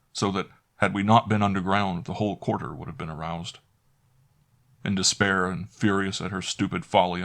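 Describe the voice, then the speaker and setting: A man narrating a classic horror story in first person, measured and dramatic. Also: low-pitched, gravelly, a bit bright.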